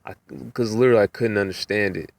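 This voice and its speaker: A man's voice: on the low side, fairly even intonation, fast. A young man and rideshare driver telling a story in a laid-back, casual way, often repeating filler phrases. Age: young adult.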